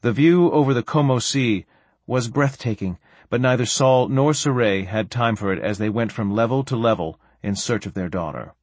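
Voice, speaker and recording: A man narrating an audiobook in an expressive, varied delivery. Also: medium pitch, moderate pace, no room sound. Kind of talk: scripted narration.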